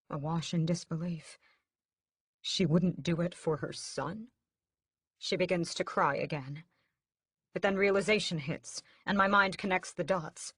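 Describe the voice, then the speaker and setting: A woman narrating a dramatic first-person audiobook in a steady storytelling manner. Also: lowish voice, measured pace, long pauses, slightly rough, no echo, clean studio sound.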